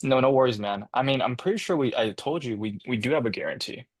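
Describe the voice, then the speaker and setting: A male sales trainee practicing a pitch, hesitant and often restarting his lines as he reads from a script. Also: fast talker, breathy edge, dry recording. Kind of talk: sales role-play practice.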